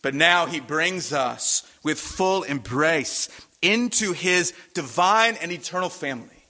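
A man's voice: a little high, animated, takes it slowly, bright, forceful tone. A man, a pastor, preaching a sermon in a conversational way, asking the congregation questions.

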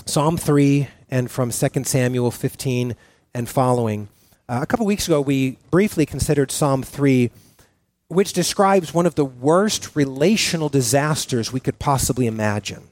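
A man preaching a sermon as pastor, earnest and halting, often restarting his sentences with fillers. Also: mid-range voice, darkish tone, no echo.

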